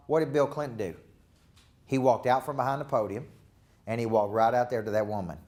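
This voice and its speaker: A man's voice: medium pitch, a little fast, long pauses. A man coaching managers at a live seminar, talking in an emphatic, repetitive, rallying way. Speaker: business coach. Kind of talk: live motivational seminar talk.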